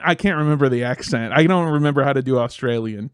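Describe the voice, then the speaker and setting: A man's voice: a little high, fast, hardly any pauses, clear, resonant tone, dry recording, studio quality. A man co-hosting a casual comedy podcast, joking and swearing, reading listener letters aloud. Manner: joking, profane, reads letters aloud in a lively voice.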